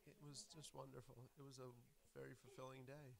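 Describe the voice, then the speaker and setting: A man as a podcast guest, talking in a deadpan, earnest way. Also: mid-range voice, a little fast, vocal fry. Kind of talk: casual chat.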